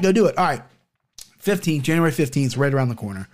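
A man's voice: a little high, expressive, fast, a little mellow. A man hosting his own podcast in casual solo chat, rambling, swearing freely and stumbling over names. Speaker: podcast host.

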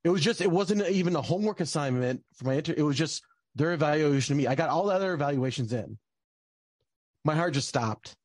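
Speaking quickly in a slightly high, expressive, somewhat mellow voice, this young man rambles through a personal story. He uses lots of fillers and bursts into frustrated, heated swearing; there's no echo.

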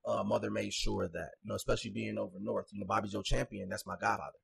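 Attorney guy on a podcast, super gravelly and husky, laid back and chatty. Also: lowish voice, fairly even intonation, quick pace, fairly bright tone. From North Minneapolis, US. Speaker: guest, attorney. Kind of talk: casual podcast interview.

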